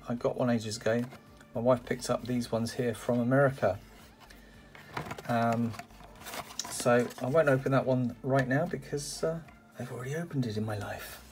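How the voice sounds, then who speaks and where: A man chatting casually and enthusiastically while unboxing and reviewing die-cast toy cars, with lots of "uh" and "um" and frequent exclamations. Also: mid-range voice. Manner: enthusiastic and exclamatory, with many fillers. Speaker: toy car collector reviewing a parcel.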